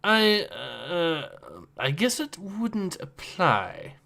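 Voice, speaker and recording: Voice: mid-range voice, very animated, very slow, gravelly, bright, forceful tone, full character voice. A reader voicing a hesitant, deferential ship captain in a comic read-aloud. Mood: nervous.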